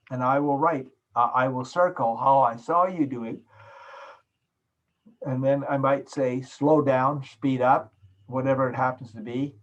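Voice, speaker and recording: Dull audio carries a medium-pitched Canadian man through a recorded lecture for a class. His manner is emphatic; he stresses key words, repeats them, and demonstrates the contrast between soft and loud speaking.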